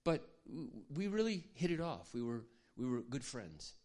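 A man preaching, telling a personal story in an earnest, confiding way that often drops to a hush. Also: mid-range voice, big pitch swings, moderate pace. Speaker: pastor. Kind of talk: sermon storytelling.

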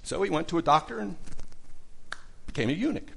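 A man's voice: fairly high pitch, lively intonation, a little fast, vocal fry, slightly rough. A middle-aged man teaching a casual Bible study lesson, conversational, with many fillers and restarts.

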